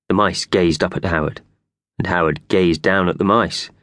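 A man narrating a children's audiobook with brisk, expressive storytelling. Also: deep voice, dry recording.

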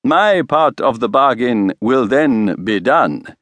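Storybook villain: a velvety, fawning foreign schemer, read by a man, slow and sly. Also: medium pitch, expressive, a bit bright, no echo. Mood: smug, oily. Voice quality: velvety, faint foreign accent. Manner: obsequious, smug. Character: oily scheming foreign male inventor.

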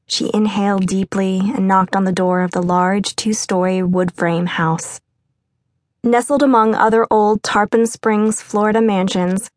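A woman's voice: medium pitch, no room sound. Woman narrating an audiobook, dry sound. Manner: even, measured storytelling. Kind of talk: scripted narration.

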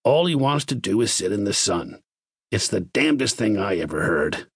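A man's voice: fairly low pitch, big pitch swings, moderate pace, breathy edge, dry recording, clean studio sound. A male narrator voicing a good-natured but gloomy base commander, baffled as he reports.

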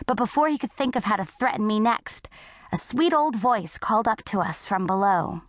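A woman narrating a first-person audiobook story in a scripted, unhurried way. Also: mid-range voice, no room sound, studio quality.

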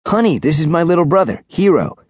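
A man's voice: fairly high pitch, sing-song, a little fast, husky, no room sound, voice pushed up. A man putting on a kind young man introducing his little brother in a kids' storybook reading. Friendly and easy, slightly lifted, recorded close and dry. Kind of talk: audiobook character voice.

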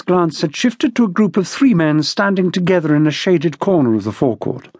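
A man reading an unabridged mystery novel as audiobook narrator in a measured, expressive manner. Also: a little high, husky, dry recording, studio quality. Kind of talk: scripted narration.

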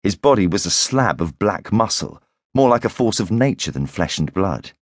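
A male audiobook narrator reads in a grave, measured way. His voice sits fairly low and is recorded close and dry, with no room around it. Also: sing-song, no echo. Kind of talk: scripted narration.

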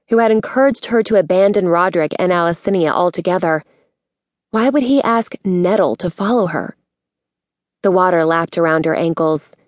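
Steady woman audiobook narrator. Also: fairly low pitch, dry recording, clean studio sound. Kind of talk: scripted narration.

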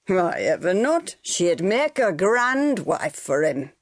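A woman voicing a kindly middle-aged farmer father who speaks gently and unhurriedly. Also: lowish voice, very animated, no room sound, heavily acted. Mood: gentle. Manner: gentle, slow, remonstrating.

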